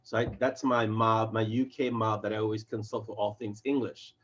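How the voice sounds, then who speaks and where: A man, a fantasy author, chatting in an interview over a video call, lively and acting out his characters' lines. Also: fairly low pitch, lo-fi sound. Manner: animated, acts out his characters' lines in quick voices. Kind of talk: casual video chat interview.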